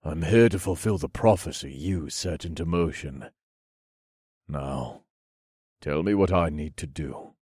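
A man's voice: extremely low pitch, a little slow, darkish tone, slightly rough, dry recording, clean studio sound, full character voice. A man voicing a determined young swordsman hero, speaking in a firm, clipped, commanding way. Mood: defiant. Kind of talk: audiobook character voice.

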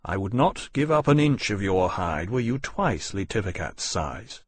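A man's voice: lowish voice, sing-song, measured pace, slight background noise. A man voicing a kind, formal captain. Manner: formal, gentle and courteous. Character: courteous male naval captain, kind and formal. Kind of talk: audiobook narration.

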